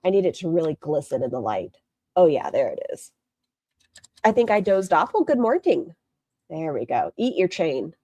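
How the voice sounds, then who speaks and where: This livestream host, from near the Canadian border in the northern US, swears frequently while giving blunt, sarcastic reactions to a clip. Her low-pitched, dark voice has a sing-song quality and a moderate pace. The recording is dry.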